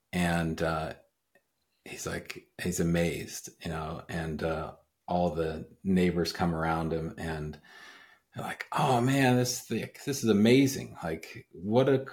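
A man hosting a podcast, telling a parable in a relaxed, reflective way with many pauses and fillers. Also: a bass voice. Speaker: podcast host. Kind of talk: casual conversation.

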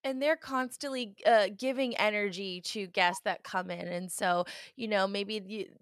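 A woman's voice: medium pitch, steady tone, a little slow, clear, resonant tone, no room sound, clean studio sound. A woman hosting a podcast in casual chat, gushing and chatty with plenty of fillers. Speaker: podcast host.

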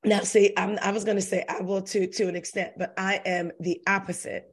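A middle-aged woman talks in relaxed conversation and tells personal stories in quick, chatty stretches. Her voice is breathy at a middle pitch. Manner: chatty, quick bursts of reflective storytelling. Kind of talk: casual chat.

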